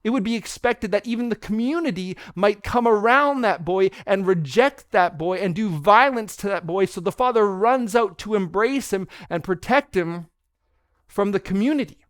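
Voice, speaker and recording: Guy pastor preaching a sermon, kinda high smooth voice, earnest storyteller, close dry sound. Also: no echo. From Canada. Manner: earnest storytelling, drops softer and slower for quoted tender words. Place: church.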